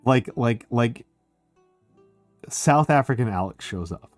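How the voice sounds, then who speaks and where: A man chatting casually on a stream, excitable and swearing, full of filler words. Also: medium pitch, slow, dry recording, faint music behind. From United States. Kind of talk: casual chat.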